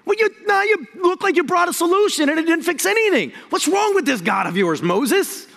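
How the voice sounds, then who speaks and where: A pastor voicing a crowd of complaining Israelites who whine and accuse their leader. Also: male voice, high-pitched, huge pitch swings, measured pace, creaky, fairly bright tone, slightly rough, long reverb tail, heavily acted. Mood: accusing. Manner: whining, accusing.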